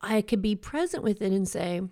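A woman hosting a show, giving an earnest, reflective motivational talk in a conversational way, slowing down to stress key words. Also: medium pitch, animated, dark tone. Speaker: podcast host.

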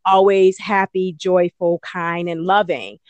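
A woman educator chats through an interview with animated, easygoing speech. She slips into high, playful voices when acting out how she talks to children. The recording is dry and close, with no room sound. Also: takes it slowly, no echo, muffled recording. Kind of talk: casual interview answers.

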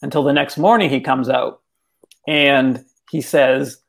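Gravelly, chatty man telling a tale. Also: medium pitch, a little slow. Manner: animated, casual, many fillers like "like". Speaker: author and guest. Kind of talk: storytelling in conversation.

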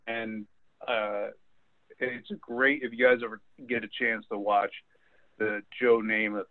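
A man's voice: fairly low pitch, little pitch movement, a little slow, no echo. A man in casual sports talk, rambling through stories with many repeated words and fillers. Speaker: co-host. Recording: tinny phone-like line.

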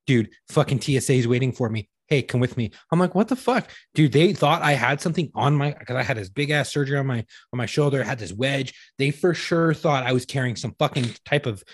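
A man talks at a quick clip, swearing freely as he tells a loud story about airport security. The sound is dry and close, with no room around it. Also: medium pitch, husky, dry recording. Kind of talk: casual profane banter.

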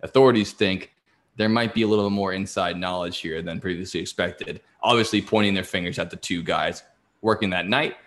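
Casual, profane male podcast co-host, low voice. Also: brisk, a bit bright. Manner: profane, storytelling, laughs often. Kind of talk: casual true-crime chat.

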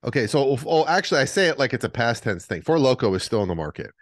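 A man chatting on a podcast, telling animated stories and acting out what people said. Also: medium pitch, fast, no echo, studio quality. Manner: animated storyteller, acts out the voices in his stories. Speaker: podcast co-host. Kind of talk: casual podcast chat.

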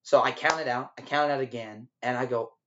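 A man's voice: mid-range voice, fast talker, highs cut off, noisy background. Profane man telling a bar story. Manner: animated, profane, acts out shouting in quotes. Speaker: podcast co-host. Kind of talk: casual storytelling over drinks.

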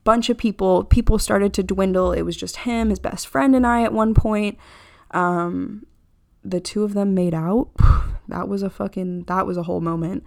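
A woman's voice: mid-range voice, normal speed, creaky. Chatty young woman telling a story. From Florida. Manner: chatty, candid, animated quoting of others. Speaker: podcast host. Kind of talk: casual storytelling monologue.

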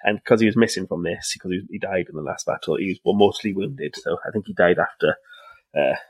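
A man's voice: sits low, quick pace, husky, no room sound, low-quality recording. A young man co-hosting a casual history podcast, rambling with lots of fillers and restarts. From Wales. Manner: rambling, many fillers and restarts, laughs often. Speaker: podcast co-host.

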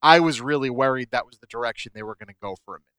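A man's voice: medium pitch, racing, fairly bright tone, clear, resonant tone, dry recording. A man co-hosting a casual film discussion, talking with enthusiasm and rambling with many fillers.

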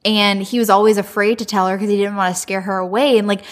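A woman's voice: medium pitch, steady tone, fast. A woman co-hosting a casual book chat, retelling the story with lots of "like" and open delight. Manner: gushing retelling of a story, full of "like". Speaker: podcast co-host.

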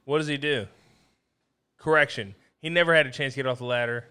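A man's voice: mid-range voice, fairly quick, sharp tone, clear, resonant tone. A man co-hosting a podcast in casual chat, rambling through wild hypotheticals with lots of swearing. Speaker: podcast co-host.

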